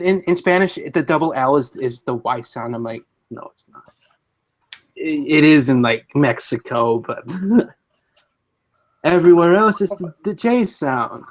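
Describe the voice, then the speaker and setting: A man's voice: fairly high pitch, expressive, unhurried, pauses often. A man chatting casually in a group, giving firm opinions in a mock-stern way. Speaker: podcast guest.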